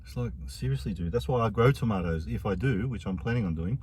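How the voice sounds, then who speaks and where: A man's voice: lowish voice, expressive, fast talker, darkish tone, husky. Chatty Australian man reviewing burgers. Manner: rambling, chatty, slangy. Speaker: food reviewer. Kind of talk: casual food review vlog.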